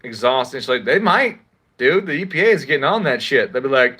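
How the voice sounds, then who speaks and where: A sarcastic man rants on a livestream from home, swearing freely as he rambles from one gripe to the next. His pitch swings a lot, and his tone is bright and forceful. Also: expressive, quick pace. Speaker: live streamer. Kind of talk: casual livestream rant.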